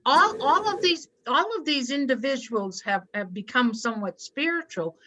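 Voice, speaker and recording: A woman hosting a spiritual call-in radio show, gently guiding and affirming. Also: high-pitched, animated, moderate pace, a little hiss or hum, poor audio.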